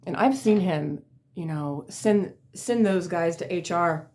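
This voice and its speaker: A woman's voice: fairly low pitch, slow, darkish tone. A woman casually telling funny work stories on her vlog, rambling with lots of fillers and laughing at herself. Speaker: vlogger. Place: at home in a chair.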